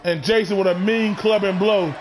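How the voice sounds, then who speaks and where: A man doing excitable play-by-play commentary of a wrestling match, often shouting his calls. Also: high-pitched, moderate pace, a little hiss or hum.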